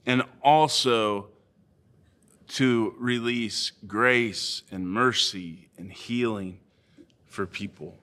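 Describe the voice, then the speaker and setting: A man preaching a sermon as a pastor, speaking in a measured, earnest way with slow, deliberate phrasing. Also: fairly low pitch, a bit bright.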